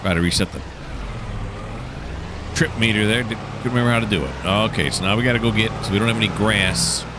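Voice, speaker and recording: A man's voice: fairly low pitch, fast, pauses often, background noise. A middle-aged man, commenting casually on a farming game and talking to the animals as he plays. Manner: rambling self-talk, chatting to the game animals. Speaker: gaming channel host.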